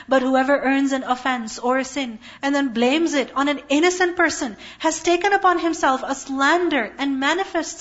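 A woman's voice: high voice, a bit bright. A woman giving a Quran commentary lesson, reciting Arabic verses and then translating them, and asking rhetorical questions that she answers herself. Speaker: Quran teacher. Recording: dull lo-fi recording.

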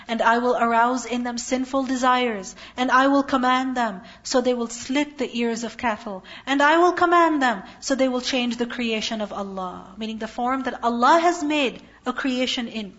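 A woman's voice: a little high, normal speed, few pauses, fairly bright tone. A woman giving a Quran commentary lesson, reciting Arabic verses and then translating them, and asking rhetorical questions that she answers herself. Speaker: Quran teacher. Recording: dull lo-fi recording.

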